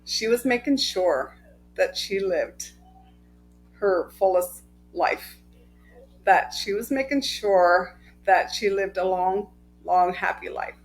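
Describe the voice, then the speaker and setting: A middle-aged woman energy healer telling personal stories in a casual, heartfelt way, with many pauses and a frequent "right?". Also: mid-range voice, soft background music, low-quality recording. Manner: slow, heartfelt, with many ums and rhetorical "right?". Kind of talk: casual storytelling to camera.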